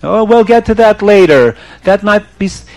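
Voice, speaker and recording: A man's voice: high voice, expressive, moderate pace, a little mellow, voice pushed up. A man voicing a stern, bossy foreign police chief who speaks in broken English and barks questions. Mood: dismissive.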